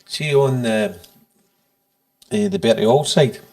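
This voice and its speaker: A man's voice: medium pitch, big pitch swings, vocal fry, darkish tone. A Scottish man hosting a podcast, chatting casually with many fillers. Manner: halting, many fillers, recounts quotes. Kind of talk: casual chat.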